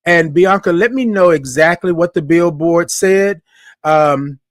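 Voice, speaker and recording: A man's voice: fairly high pitch, unhurried, no echo, studio quality. A man hosting a live morning talk stream. He chats casually with his viewers, says "y'all" and greets people by name in long, sung greetings. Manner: Southern-style informal speech, says "y'all". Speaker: host of a live morning show.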